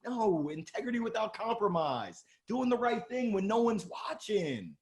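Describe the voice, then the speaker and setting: A middle-aged man with a Southern drawl from Alabama, talking as a guest in an interview, animated and exuberant, joking about himself. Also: sits high. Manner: animated, exuberant, quick jokes. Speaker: guest sales coach. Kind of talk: energetic interview talk.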